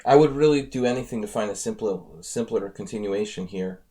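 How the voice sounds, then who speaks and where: A man's voice: fairly low pitch, a little fast, warm tone. A man coaching chess on a live stream, casually analyzing viewer games and thinking aloud as he talks to his audience. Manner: thinks aloud, chatty, addresses viewers directly.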